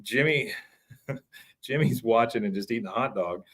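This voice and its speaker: A man co-hosting a podcast, casually recapping a cartoon episode and jumping into character voices for the quotes. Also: normal speed. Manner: animated retelling, jumps into high squeaky character voices for quotes. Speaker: podcast co-host.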